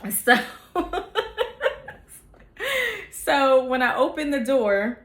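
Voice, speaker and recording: A woman's voice: sits high, extremely slow, a bit bright. A young woman vlogger telling a casual storytime, chatty with lots of filler words. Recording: echoey room.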